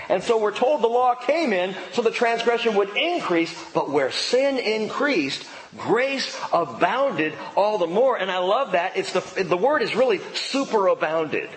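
A male pastor preaching with a lively, swooping delivery and a fairly high voice. He is playful and bursts into emphatic lines. The sound rings with long reverb under a faint room hum. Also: unhurried, hardly any pauses. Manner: animated, playful preaching with sudden emphatic outbursts. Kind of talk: sermon. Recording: reverberant hall with faint ambience.

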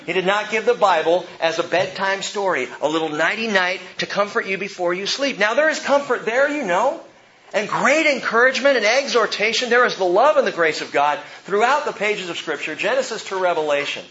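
A male pastor preaching a verse-by-verse sermon with emphasis, his voice rising and falling between soft and loud. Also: high voice, lively intonation, brisk, lo-fi sound.

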